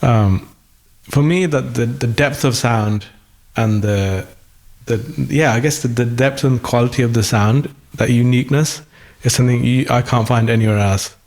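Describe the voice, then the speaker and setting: Man, interview guest, thoughtful, hesitant restarts, recovering voice, middle pitch. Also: moderate pace, a little mellow. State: voice recovering after illness. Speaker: guest musician. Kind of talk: conversational interview.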